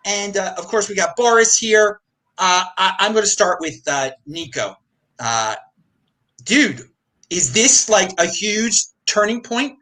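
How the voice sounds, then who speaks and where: Male host, hyped live-stream, ranting, animated pitch. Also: a little slow. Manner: excitable, exclamatory, ranting. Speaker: show host.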